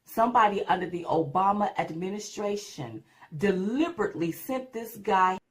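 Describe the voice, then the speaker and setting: A woman's voice: medium pitch, lively intonation, moderate pace. A woman co-hosting a political commentary show, talking emphatically, repeating words and asking rhetorical questions. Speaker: co-host.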